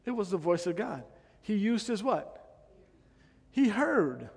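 A male pastor with a rather high voice preaches emphatically, repeating his points and quizzing the congregation. His voice carries a long reverb from the church hall. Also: big pitch swings, takes it slowly, gravelly, long pauses, breathy edge. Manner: emphatic, repeats phrases and asks the congregation questions. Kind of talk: sermon.

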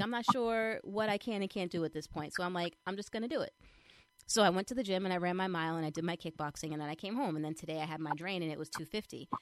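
A young adult woman chatting casually as she shares a personal update, retelling things in an animated way with lots of fillers. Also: on the low side. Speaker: vlogger sharing a personal update. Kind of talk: casual chat.

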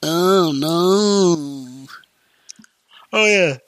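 A man's voice: a little high, drawn-out words, fairly bright tone, dry recording. A young man hosting a podcast, telling a story casually with lots of fillers, restarts and swearing. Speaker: podcast host.

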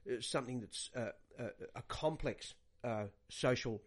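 An actor playing a rambling older radio host who repeats words and stalls on fillers. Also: male voice, mid-range voice, a little slow, husky. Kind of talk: comic radio banter.

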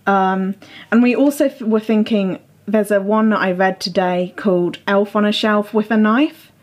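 A woman's voice: mid-range voice, fairly even intonation, moderate pace. A woman, co-hosting a podcast, chatting casually and reading a creepy story aloud while stretching her vowels. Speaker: podcast co-host.

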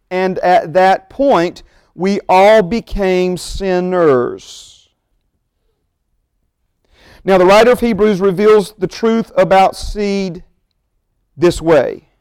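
Male pastor, high clear voice, emphatic sermon teaching, dry close sound. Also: a little mellow, no room sound. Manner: emphatic, slows down to stress key phrases; asides to the congregation in a quick low voice.

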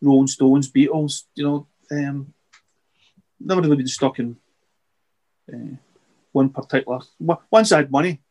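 A middle-aged man, a podcast guest, chatting casually and rambling with halting restarts and repeated words. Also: mid-range voice, fairly even intonation, a little mellow. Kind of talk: casual interview chat.

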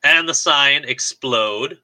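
A man's voice: medium pitch, slow pace, pushed and bright, no room sound, low-quality recording. A man co-hosting a podcast, casually recapping a film plot with lots of fillers. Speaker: podcast co-host. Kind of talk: casual movie recap chat.

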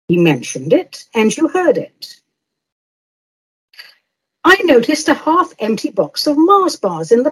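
A woman's voice: a little high, breathy edge, poor audio. A woman hosting a radio advice show, reading and answering listener letters in a playful, teasing way with frequent laughs. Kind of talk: advice talk, reading a listener email aloud.

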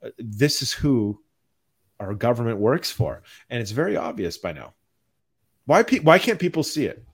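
A man's voice: medium pitch, big pitch swings, moderate pace, long pauses, husky. A man hosting a podcast, talking politics in an indignant, questioning way, with lots of fillers. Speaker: podcast host.

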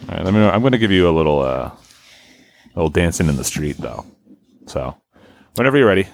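A man's voice: sits low, big pitch swings, fast talker, vocal fry. A man in casual comedic banter, with a dry, laid-back manner, cueing up a video.

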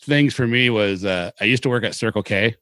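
A middle-aged man from Seattle co-hosting a podcast, telling rambling, animated stories in casual chat with some swearing. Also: lowish voice, a little fast, no room sound. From Seattle, Washington. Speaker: podcast co-host.

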